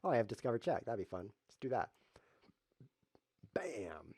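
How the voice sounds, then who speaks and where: A man's voice: medium pitch, lively intonation, very fast, a little mellow, no room sound. A man casually commenting on his own chess game on a live stream, joking, teasing himself and wandering off on playful tangents. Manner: jokey, self-mocking, playful tangents.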